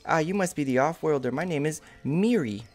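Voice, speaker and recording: A man voicing a calm, gentle female lizard gatherer in a game. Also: a little high, fairly quick, lightly acted.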